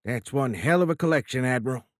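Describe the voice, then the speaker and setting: Nasal Midwestern older president, as a man does him for an audiobook; gruff, loud, folksy. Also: mid-range voice, animated, fast talker, dry recording, clean studio sound, pitched above the performer's own voice, lightly acted. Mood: jovial. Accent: Midwestern American. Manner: gruff and plainspoken, raised voice.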